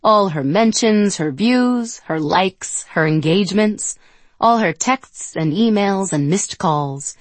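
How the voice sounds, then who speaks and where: A woman narrating an audiobook in a measured, gentle storytelling manner, close to the mic. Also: medium pitch, lively intonation, dry recording. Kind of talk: scripted narration.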